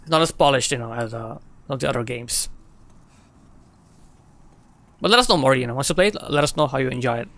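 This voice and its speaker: A man's voice: medium pitch, rapid-fire, a bit bright. A young man streaming a game, chatting casually with his viewers, reading their messages aloud and laughing often. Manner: chatty, laughs often, reads and answers chat. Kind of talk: casual gameplay chat with viewers.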